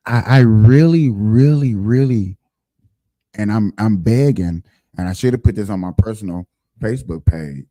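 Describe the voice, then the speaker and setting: A man's voice: fairly low pitch, normal speed, dark tone, no room sound, clean studio sound. A man hosting a casual livestream show, talking emphatically and directly to his viewers.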